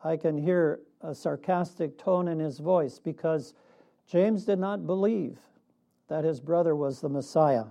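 A man preaching a sermon in a measured way, with a laugh now and then. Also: a little high, creaky, dark tone. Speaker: pastor.

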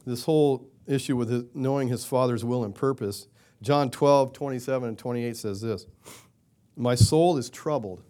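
A man preaching a sermon in a conversational way, asking rhetorical questions and acting out quoted prayers in a louder, higher voice. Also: fairly even intonation, normal speed. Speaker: pastor.

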